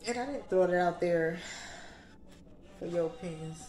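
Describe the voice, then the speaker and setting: A woman's voice: lowish voice, moderate pace, darkish tone, roomy sound, a little hiss or hum. A young woman vlogging in casual, sassy, slang-heavy chat.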